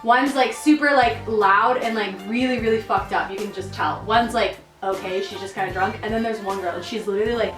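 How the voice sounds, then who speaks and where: A woman's voice: mid-range voice, fairly quick, few pauses. A woman co-hosting a podcast, telling work stories in a casual, profane, laughing way. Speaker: podcast co-host. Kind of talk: casual storytelling chat. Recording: echoey room, distant mic, faint music.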